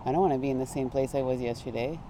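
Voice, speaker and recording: A man, a musician, talking casually in an interview, halting and restarting his sentences. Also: medium pitch, mellow. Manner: halting, restarts, laughs easily. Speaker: musician guest. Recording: faint street and traffic noise.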